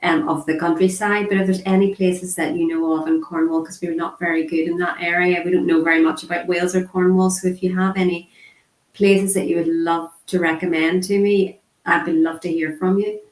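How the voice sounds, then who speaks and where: A woman voicing a casual online sign language lesson, chatty and unhurried, with frequent ums. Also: on the low side, little pitch movement. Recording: echoey room.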